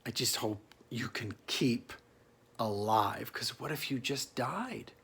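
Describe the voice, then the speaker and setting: A man, an actor, giving a reflective solo monologue to an imagined listener, musing and halting with restarts and soft chuckles. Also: mid-range voice, animated, breathy edge. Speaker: actor performing a solo piece.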